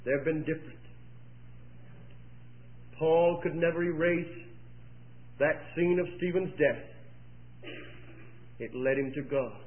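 A man preaching an impassioned sermon, telling a long story and rising to near-shouts at its peaks. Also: on the high side. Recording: echoey, tinny phone-like old tape.

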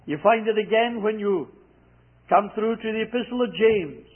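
A man preaching a sermon, repeating scripture lines slowly and with emphasis. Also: sits high. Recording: tinny phone-like sound.

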